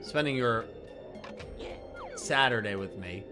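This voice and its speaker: A man streaming a video game live, chatting casually and reacting out loud, his voice going hoarse. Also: medium pitch, takes it slowly. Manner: chatty, excitable, reacts aloud and thanks viewers. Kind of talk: casual live gameplay commentary. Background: game music.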